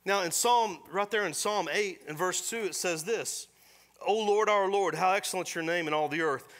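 Middle aged pastor preaching, lively w jokes thrown in, kinda high sharp voice. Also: male voice, normal speed. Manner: animated preaching with joking asides. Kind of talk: sermon. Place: church service.

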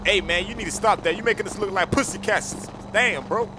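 Give me a high-voiced, hyped man leading a game roleplay. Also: fairly quick, background noise. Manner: hyped, trash-talking, slangy. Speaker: gang leader in game roleplay. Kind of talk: gaming roleplay banter. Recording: loud music behind voice. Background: loud music.

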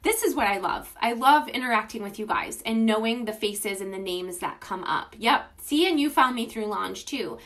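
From her phone, a woman runs a casual livestream promoting her beauty business, gushing with informal enthusiasm and greeting viewers by name. She's animated and a bit bright, speaking at normal speed with few pauses.

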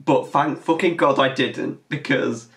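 A woman's voice: rumbling low, unhurried. A woman hosting a reaction video who keeps breaking into helpless laughter and swears as she reacts. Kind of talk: casual reaction commentary.

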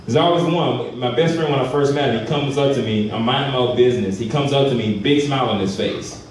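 Young male stand-up comic from Houston, lively storyteller, miked from a distance. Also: mid-range voice, fast talker, slight background noise. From Houston, Texas. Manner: animated, acts out characters in quotes. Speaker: stand-up comedian. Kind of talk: stand-up comedy set. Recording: roomy club, distant mic, crowd.

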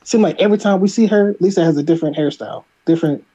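A man's voice: high voice, racing, mellow, husky, dull audio. A man with a Philadelphia accent co-hosting a casual review chat, rambling with lots of restarts and fillers. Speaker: podcast co-host.

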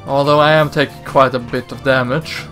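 A man hosting a let's play, giving relaxed, casual commentary with mumbled asides. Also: mid-range voice, normal speed, faint music behind.

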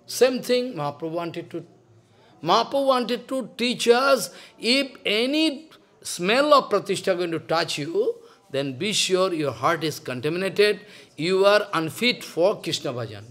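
A man's voice: high voice, very animated, measured pace, fairly bright tone. Older man giving an emphatic devotional lecture. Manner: broken English, repetitive, emphatic. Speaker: spiritual teacher.

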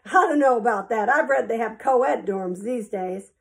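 A woman's voice: a little high, normal speed, gravelly. A woman voicing an earnest, fussy middle-aged man in a storybook reading.

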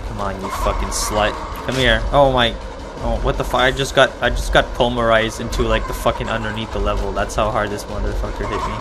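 A man commentating his own gameplay, talking excitedly to the game and his audience and swearing freely. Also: lowish voice, a little fast. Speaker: let's play gamer. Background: game music.

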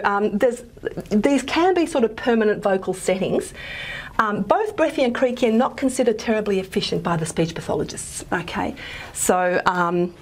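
Creaky, husky-voiced woman lecturing with fillers. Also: mid-range voice, a little mellow. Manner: hesitant, many fillers and restarts. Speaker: linguistics lecturer. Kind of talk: recorded lecture.

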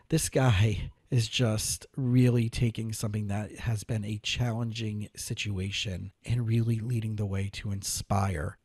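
A man's voice: medium pitch, a little mellow, no echo, studio quality. A man hosting a podcast, chatting eagerly with lots of fillers and restarts. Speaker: podcast host. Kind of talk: casual interview chat.

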